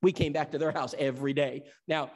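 A man's voice: on the high side, steady tone, a little fast, darkish tone. A man from Tennessee who teaches an evangelism seminar. He preaches in an emphatic storytelling style and acts out the dialogue. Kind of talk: sermon.

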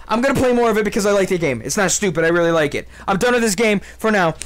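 A young man commentating his own gameplay, excitable and swinging between muttering and shouting. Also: high voice, fast talker. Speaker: gaming youtuber. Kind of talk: let's play commentary.

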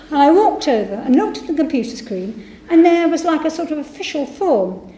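A woman's voice: sits high, expressive, normal speed, few pauses, crowd noise. A woman giving a public university lecture, reading testimonies aloud and voicing the quoted speakers. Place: lecture hall. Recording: echoey lecture hall.

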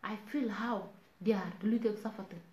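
A woman's voice: mid-range voice, normal speed, a little mellow. A South Sudanese woman talking earnestly to viewers in a casual live stream, pleading and switching between languages. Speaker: online talk host. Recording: roomy, dull lo-fi sound.

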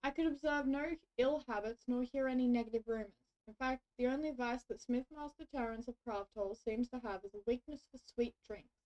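A woman's voice: on the high side, fairly quick, highs cut off, natural voice. Gossipy royal advisor, read out by a woman. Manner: reads game dialogue aloud with gossipy emphasis.

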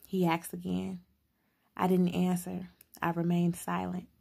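A woman narrating an audiobook in steady, unhurried first person. Her voice is low and gravelly, with little rise or fall. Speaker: audiobook reader.

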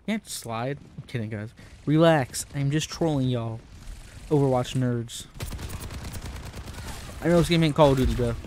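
A young man excitedly commentating his own gameplay, trash-talking and pleading with teammates. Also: medium pitch, a little slow, pauses often, a little hiss or hum. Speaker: gamer streaming gameplay.

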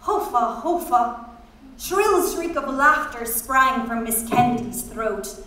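On stage in a very echoey hall, a woman gives a dramatic literary reading, musical and rhythmic as she plays with sounds. Her voice is high-ish, bright and forceful, animated yet slow, and the mic is distant.

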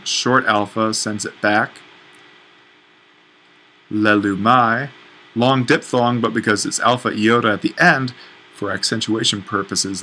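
A man's voice: fairly low pitch, bright, forceful tone, a little hiss or hum, rough recording. A man teaching a language lesson at a whiteboard, explaining patiently and correcting himself as he writes. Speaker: Greek instructor.

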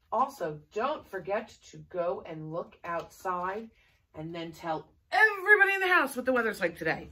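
A woman teaching a recorded remote lesson to young children, animated and sing-song as she coaxes them along. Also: lowish voice, breathy edge. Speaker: kindergarten teacher.

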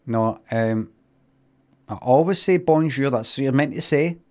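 A man's voice: mid-range voice, a little slow. A man with a Scottish accent telling a casual story on a stream. He mocks himself and argues back at himself as he talks. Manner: animated, self-mocking, argues with himself.

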